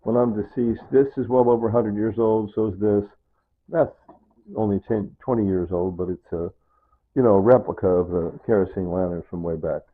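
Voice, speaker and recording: Over tinny, phone-like audio, an older man with a lowish voice gives a casual, rambling tour of his small home at a moderate pace. He points things out and checks in with "see" and "right?".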